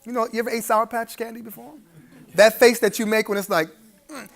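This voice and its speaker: Keynote speaker at a gala: a man with a strikingly high voice, preacherly delivery with humorous chuckling asides. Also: little pitch movement, a little fast. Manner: emphatic rising appeals to the audience. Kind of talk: live keynote speech at a gala dinner.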